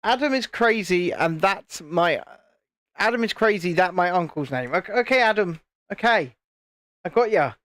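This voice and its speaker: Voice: mid-range voice, lively intonation, moderate pace, a bit bright, no echo. British streamer chatting away at home, reads out the chat, laughs loads, dry sound. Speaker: livestream host. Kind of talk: casual live chat while building. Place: home, indoors, in the evening. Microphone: phone camera.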